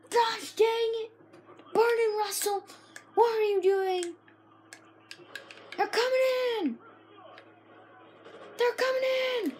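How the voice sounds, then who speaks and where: A woman giving frantic, excited commentary while playing a shooter game, often shouting and yelping. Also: extremely high pitch, slow pace, pauses often. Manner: frantic, shouts and yelps at the action. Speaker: gaming video creator.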